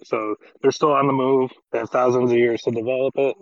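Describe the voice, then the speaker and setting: A man's voice: mid-range voice, level tone, fairly quick, no room sound, dull audio. Joking man on a podcast. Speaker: podcast co-host. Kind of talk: casual discussion.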